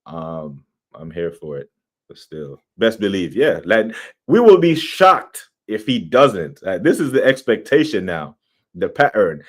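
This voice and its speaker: A young man hosting a casual football livestream, opinionated and animated, reacting to chat. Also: low voice, a little slow. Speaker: football podcast host.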